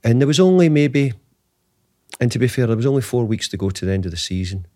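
A man's voice: medium pitch, expressive, quick pace, darkish tone, no room sound, clean studio sound. A man in his fifties, a guest telling a long anecdote in an interview, rambling with frequent restarts. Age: 50s. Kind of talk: storytelling interview answer.

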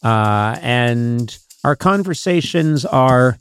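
A man in his sixties hosting a podcast in casual chat, talking haltingly with many fillers and restarts. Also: medium pitch, animated, fairly bright tone, smooth. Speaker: podcast host.

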